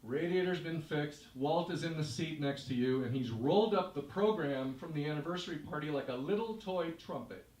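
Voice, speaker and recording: A man's voice: on the high side, a little mellow. Man telling a story on stage, echoey. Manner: second-person narration, vivid and measured. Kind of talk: live storytelling performance. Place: stage in a hall. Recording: echoey room, voice from far off.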